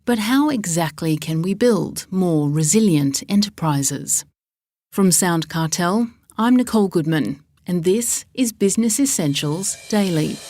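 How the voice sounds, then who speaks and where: A woman hosting a business podcast, reading a measured, clear scripted introduction. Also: on the low side, expressive, mellow. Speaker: podcast host. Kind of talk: scripted narration.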